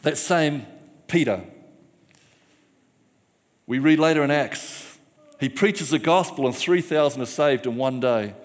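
A man's voice: fairly high pitch, measured pace, long pauses. A man preaching a sermon, rousing the congregation with repeated call-and-response phrases. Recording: long church hall reverb.

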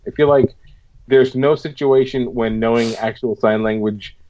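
A man of middle pitch chats loosely on a podcast, swearing casually and telling stories with animation. His recording sounds a bit dull and lo-fi. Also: steady tone, normal speed, warm tone, slight background noise. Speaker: podcast co-host. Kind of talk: casual chat.

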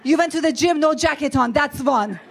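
A woman's voice: sits high, moderate pace, a faint crowd. A woman voicing a bossy, guilt-tripping immigrant mother who scolds in broken English. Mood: scolding.

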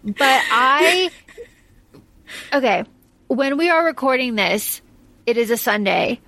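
A woman's voice: fairly high pitch, expressive, slow, pushed and bright, no room sound. A woman co-hosting a podcast, chatting casually about a film, emphatic and swearing freely with lots of restarts. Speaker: podcast co-host. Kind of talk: casual film-discussion chat.

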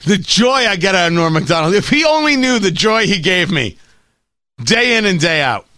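A man's voice: high-pitched, sing-song, normal speed, sharp tone, no room sound. A man hosting a talk radio show, delivering an opinionated, sarcastic monologue into a studio microphone. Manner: sarcastic, mocking, does voices.

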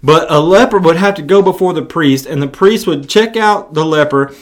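A man delivers a sermon, retelling scripture with animated storytelling and frequent restarts. His voice sits slightly higher than most men's. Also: normal speed. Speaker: preacher.

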